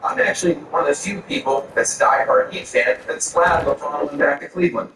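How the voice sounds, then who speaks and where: A man from Florida with a somewhat high voice doing stand-up, ranting crudely. He is heard from a distance in a very echoey room, with steady noise behind him. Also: fairly quick. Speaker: stand-up comedian. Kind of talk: stand-up set. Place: comedy club stage. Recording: echoey room from far off, audience ambience.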